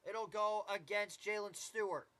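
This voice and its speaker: A man's voice: high voice, unhurried, bright, forceful tone. A man doing casual live play-by-play commentary of a basketball game, with chatty asides and mild swearing.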